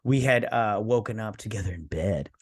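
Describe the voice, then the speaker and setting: A tipsy man co-hosting a casual movie review, rambling and animated as he tells stories. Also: lowish voice, normal speed, breathy edge. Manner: rambling, animated storyteller with many restarts. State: tipsy from drinking. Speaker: podcast co-host.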